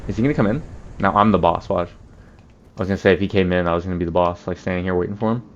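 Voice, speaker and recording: A man's voice: low voice, fast talker, highs cut off, slight background noise. A man hosting a let's play, joking and swearing in casual gameplay commentary. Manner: profane, joking, laughs often.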